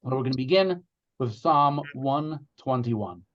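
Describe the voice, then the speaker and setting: A man's voice: mid-range voice, expressive. Earnest man on a muffled video call. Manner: earnest, heartfelt, measured. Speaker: rabbi leading a prayer gathering. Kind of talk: addressing an online gathering, then reciting psalms.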